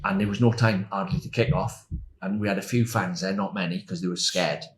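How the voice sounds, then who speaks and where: Older man spinning lively football stories. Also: low voice, fairly quick, slight background noise. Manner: animated, laughs while telling stories. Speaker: podcast guest, former footballer. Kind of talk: anecdotal storytelling.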